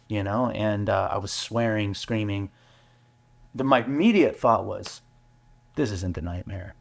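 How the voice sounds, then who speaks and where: A man, a business owner, telling his story in an interview, earnest and halting with many fillers and restarts. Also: fairly low pitch. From United States. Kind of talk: candid interview talk.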